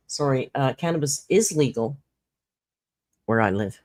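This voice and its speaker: Low-voiced woman chatting on a livestream. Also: animated, unhurried, pauses often, a little mellow, no echo, clean studio sound. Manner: chatty, laughs often, reads chat aloud. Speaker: livestream host. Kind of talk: casual livestream commentary.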